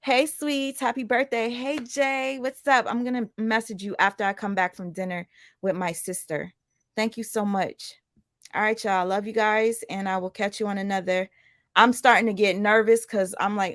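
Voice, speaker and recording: A woman chats loosely to her stream audience, wandering from one aside to the next. Her voice sits at a middle pitch. The sound is close and dry, with no room echo. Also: steady tone, moderate pace, a bit bright. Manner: chatty, addresses viewers directly, rambling asides. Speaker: livestream commentator. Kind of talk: casual livestream chat.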